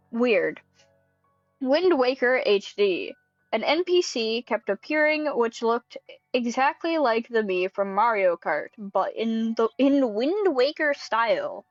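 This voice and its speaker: A young woman with a slightly high voice reads a creepy story aloud casually, stopping to giggle and toss in quick asides. The recording is dry and a bit muffled, with faint music underneath. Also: no echo. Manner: breaks into laughter and comments mid-reading. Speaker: creepypasta reader.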